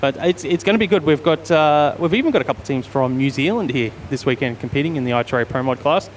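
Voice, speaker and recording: Brisk Australian race commentator. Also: male voice, on the high side. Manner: brisk, informative, matey. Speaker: drag racing commentator. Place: outdoor raceway. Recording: faint outdoor engine noise.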